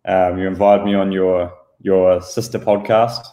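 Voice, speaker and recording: A man's voice: low voice, level tone, measured pace, mellow. A man co-hosting a podcast, speaking hesitantly with lots of ums. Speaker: podcast co-host. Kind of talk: casual banter. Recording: echoey room.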